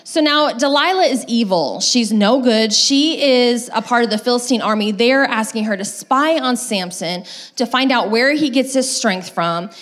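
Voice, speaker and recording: A woman's voice: on the high side, normal speed. A casual, chatty woman pastor preaching. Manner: casual storytelling with many fillers; lively retelling with acted quotes. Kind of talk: sermon.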